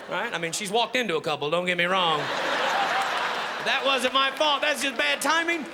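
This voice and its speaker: A middle-aged man doing stand-up comedy, animated and dropping Spanish phrases into English, swinging from shouts to a hush. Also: very high voice, moderate pace, creaky. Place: comedy stage before live audience. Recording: live club, crowd laughter and noise.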